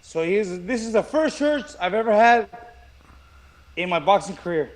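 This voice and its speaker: A man's voice: high voice, lively intonation, moderate pace. A man who is a former boxing champion, chatting casually on a podcast, laughing and stammering as he repeats himself. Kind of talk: casual joking podcast chat. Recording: faint noise with clicks.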